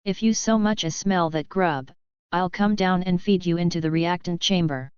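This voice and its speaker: A woman's voice: on the low side, darkish tone, clear, resonant tone, dry recording, highs cut off, lightly acted. A woman voicing a sardonic, wisecracking young male radar cadet. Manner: sarcastic and quick-tongued.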